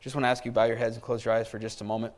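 A middle-aged man preaching a sermon as a pastor, animated, with asides and calls for an amen. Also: mid-range voice, rapid-fire. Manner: animated preaching with asides and call-outs for amens.

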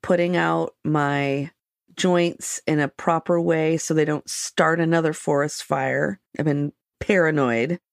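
A woman with a lowish voice, chatting casually and telling amused stories to her co-hosts. The sound is close and dry. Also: steady tone, takes it slowly, gravelly, dry recording. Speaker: podcast co-host. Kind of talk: casual chat. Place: lakeside cabin.

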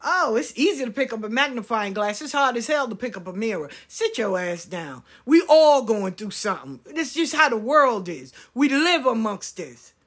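A woman's voice: a little high, sing-song, moderate pace, few pauses, a bit bright. A woman who reads spiritual cards, ranting to her viewers in a blunt, profane, emphatic way. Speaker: spiritual card reader. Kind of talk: casual rant to viewers.

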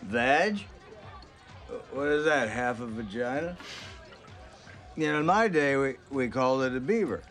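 An actor playing an awkward, tipsy older father in a film clip, speaking in a halting, bumbling way. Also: medium pitch, animated, a bit bright. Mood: boastful. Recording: film clip with music behind.

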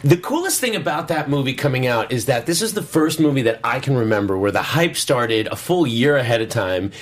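A man hosting a casual panel chat about movies, talking in rambling runs with quick asides. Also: mid-range voice, animated. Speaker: show host.

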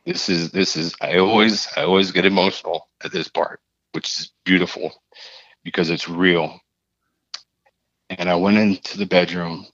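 A man, a podcast guest, telling a personal story in a halting, earnest way, often repeating his phrases. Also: low voice, fairly bright tone, no room sound, lo-fi sound.

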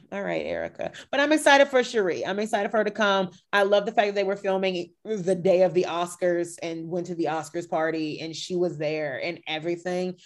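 A woman's voice: lowish voice, a little fast, few pauses. A woman hosting a podcast, chatting casually and gossiping with lots of energy. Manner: animated, gossipy, shifts into mock voices. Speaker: podcast host. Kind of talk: casual chat.

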